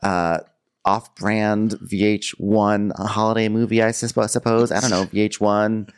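A man's voice: fairly low pitch, flat delivery, unhurried, clean tone. A man co-hosting a comedic podcast that recaps reality TV, riffing with sarcastic jokes. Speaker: podcast co-host.

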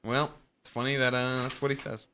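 A man's voice: medium pitch, little pitch movement, a little fast, background noise. A man hosting a casual podcast, jokily reading out listener questions. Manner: jokey, reads listener questions aloud. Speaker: podcast host. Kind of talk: casual chat.

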